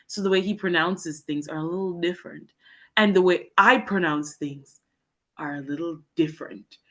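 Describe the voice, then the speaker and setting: A woman's voice: lowish voice, normal speed. A woman from Jamaica, an English teacher in Japan, chatting as an interview guest and acting out the exchanges she describes. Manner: storytelling, acts out quoted exchanges. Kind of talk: casual interview chat.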